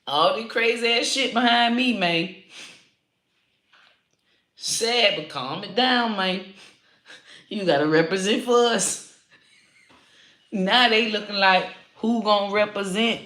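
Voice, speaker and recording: A woman comedian ranting to camera, loud and profane, swearing freely and laughing at her own jokes. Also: medium pitch, slow, long pauses, reverberant. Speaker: comedian and online creator. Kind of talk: unscripted profane rant to camera.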